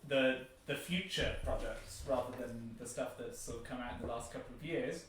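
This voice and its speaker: A man's voice: medium pitch, normal speed, fairly bright tone, a little hiss or hum. Man with an English accent, echoey and distant. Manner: hesitant, lots of fillers and restarts. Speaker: board game company host. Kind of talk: casual livestream chat. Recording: echoey room, distant mic.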